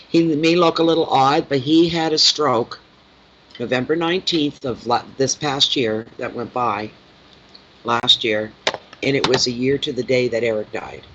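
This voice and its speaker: This tarot reader's voice sits in the mid-range and is a bit bright. He chats casually on a live stream, rambling and slipping into fond baby talk with his cat. The sound is dull and lo-fi, with faint noise.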